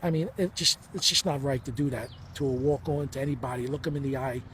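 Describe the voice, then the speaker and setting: A man's voice: medium pitch, steady tone, fast, fairly bright tone, slight background noise. A man in his fifties telling a personal story in a heated, blunt and profane way, acting out the dialogue as he goes. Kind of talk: emotional first-person storytelling.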